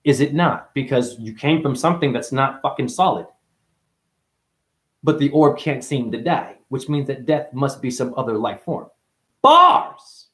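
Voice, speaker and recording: A man delivering a rambling spiritual monologue, profane and full of wordplay, who calls the listener honey and swings from mutters to excited outbursts. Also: medium pitch, normal speed. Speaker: spiritual speaker. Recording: roomy echo.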